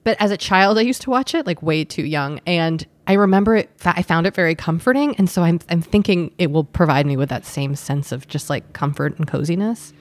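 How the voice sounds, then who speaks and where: A woman's voice: lowish voice, fairly quick, hardly any pauses, dry recording. A woman co-hosting a casual advice podcast, empathetic and playful. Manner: warm, empathetic, joking. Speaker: podcast co-host.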